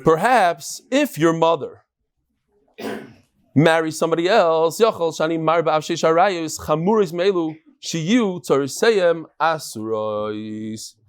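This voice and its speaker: A man with a fairly high voice gives a daily Talmud class in a study hall full of students. He is animated and playful, teasing his listeners as he points things out on a chart. He keeps a quick, conversational teaching manner. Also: clear, resonant tone. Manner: animated, joking, explains with a chart and laser pointer.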